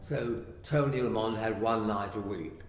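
Older male guest from England, lively raconteur, roomy reverberant sound. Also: fairly low pitch, a little slow, slight background noise. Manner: animated, acts out quoted voices. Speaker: guest, writer and actor. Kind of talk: anecdotal storytelling. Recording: echoey room with long reverb.

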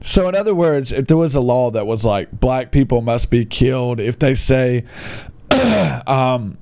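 Reading classified ads for an online video, a young man riffs with casual, sarcastic, incredulous humor. His mid-range voice has lively intonation, an unhurried pace, and a darkish tone, captured in a dry recording.

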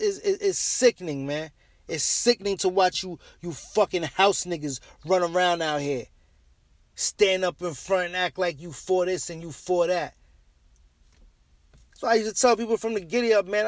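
Brief: man, commentator, profane monologue rant, high voice, dry close sound, heated and blunt, repeats himself. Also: no room sound.

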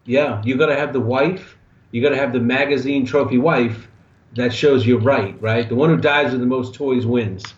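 A man in casual podcast chat, telling stories in an animated way with plenty of swearing. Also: mid-range voice, normal speed. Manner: profane, animated storyteller. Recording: echoey, dull lo-fi room sound.

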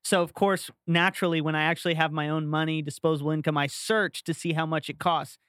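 Male co-host, higher voice, smooth tone, dry close mic, lively casual storytelling. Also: fast talker, dry recording. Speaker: podcast co-host. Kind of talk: casual chat.

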